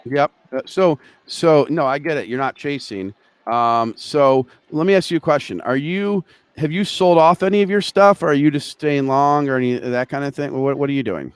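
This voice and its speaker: A male host of a live market chat show, excitable and joking, tumbling over his own words as he goes. His voice is smooth and resonant, and it sits close and dry with no room around it. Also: fairly high pitch, moderate pace, dry recording. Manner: excitable, joking, scattered restarts.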